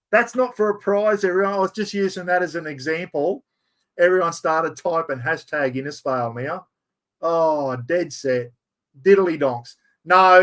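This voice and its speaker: Aussie bloke, pretty high voice, rambling live to his viewers while he sorts out the tech. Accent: Australian. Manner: chatty, self-mocking, talks to viewers while fumbling with software. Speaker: livestream host. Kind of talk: casual live stream chat.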